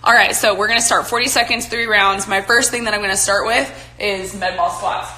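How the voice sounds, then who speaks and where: Young woman demoing a home workout, bright-voiced, recorded in an echoey room from a distance. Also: mid-range voice, steady tone, fairly quick, slight background noise. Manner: chatty, coaching, talks while exercising. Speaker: softball player leading a workout. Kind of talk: casual home workout demo. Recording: echoey room, mic from afar.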